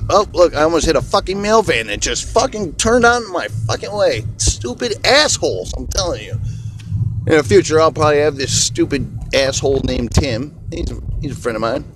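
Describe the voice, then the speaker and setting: A man hosting a podcast alone, delivering an angry, rambling, profanity-filled rant while driving a car. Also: mid-range voice. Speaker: podcast host. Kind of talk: profane ranting monologue.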